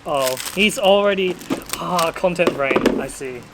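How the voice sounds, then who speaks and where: A woman's voice: lowish voice, unhurried. A young woman with an Australian accent, chatting playfully and teasing while unboxing. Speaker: cubing video host. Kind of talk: casual chat while unboxing. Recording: loud crinkling packaging noise.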